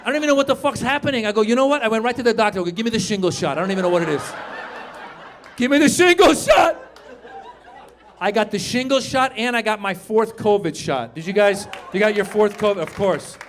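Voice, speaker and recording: A man in his fifties works a comedy club stage through a handheld mic, his voice riding high for a man. He banters with audience members and suddenly switches into loud, exaggerated voices. A faint room noise hangs under the set. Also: quick pace, hardly any pauses. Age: 50s. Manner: riffs with the crowd, jumps into loud put-on voices. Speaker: stand-up comedian.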